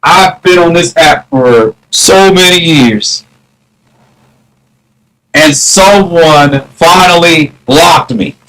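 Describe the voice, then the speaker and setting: A man's voice: fairly high pitch, fairly bright tone, low-quality recording. A man rambling casually to his viewers on a phone live stream, greeting chatters by name and drawing out mock taunts. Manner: mock-challenging, drawn-out taunts. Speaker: livestreamer.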